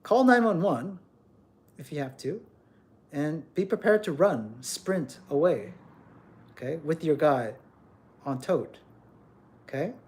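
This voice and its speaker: A man's voice: on the high side, animated, slow pace, long pauses, darkish tone. A man hosting a livestream, ranting bluntly and emphatically, often repeating words as he scolds. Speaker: livestream host.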